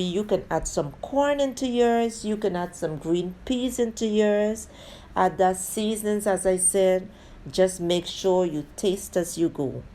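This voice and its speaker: Woman doing a chatty cooking video, low-ish warm voice, keeps saying guys. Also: a little hiss or hum. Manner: chatty, addresses viewers as guys; talks through each step with friendly asides. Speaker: cooking channel host. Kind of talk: casual cooking tutorial.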